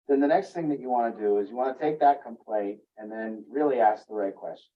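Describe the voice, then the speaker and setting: Male coach lecturing parents, earnest, mid pitch, recorded from afar with dull sound. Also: a little fast, few pauses, far from the mic. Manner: earnest, acts out parents' inner voices in a raised pitch. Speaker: family recovery coach. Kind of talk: teaching talk to parents.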